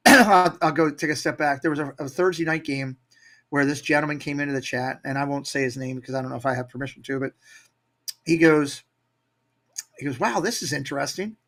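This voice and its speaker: A man's voice: medium pitch, steady tone, fairly quick, long pauses, fairly bright tone. A man with an upbeat, motivational manner, telling stories as a guest in a casual interview. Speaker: guest, Disney YouTube creator.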